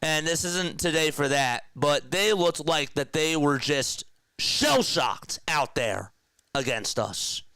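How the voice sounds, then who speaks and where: A young man hosting a casual sports livestream, talking to his chat with excitement and emotion. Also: on the high side, slow, clean tone, no room sound.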